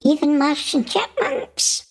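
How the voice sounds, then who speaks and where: A man's voice: very high voice, expressive, pitched above the performer's own voice, full character voice. A man voicing a cheeky, hot-tempered male Martian guest. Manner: cheeky, quick to anger.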